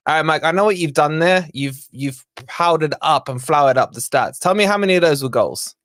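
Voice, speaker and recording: Young guy ranting on a footy watch-along stream, kinda high voice, dry close sound. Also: fairly quick, a bit bright, dry recording. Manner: ranting, exasperated, reacting to live chat. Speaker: fan channel host. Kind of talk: live football watch-along chat.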